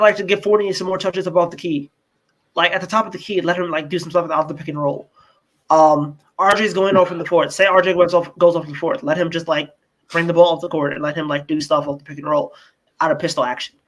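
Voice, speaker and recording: A young man co-hosts a casual sports podcast in a fairly high voice. He rants in exasperation, swearing freely as his frustration builds. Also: fairly bright tone, low-quality recording. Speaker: podcast co-host.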